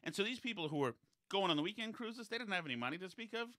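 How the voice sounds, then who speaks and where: On a relaxed podcast, a man with a bright, forceful, high voice races through loose, digressive anecdotes in a chatty way. The recording is close and dry, with no room sound.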